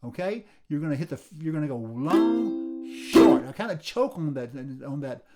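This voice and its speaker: A man teaching a song on ukulele in a relaxed, repetitive way, counting beats aloud and explaining the rhythm. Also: a little high, loud music behind the voice. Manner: sings lyrics slowly while playing. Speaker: music teacher. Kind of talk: instrument lesson. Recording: ukulele playing under the voice.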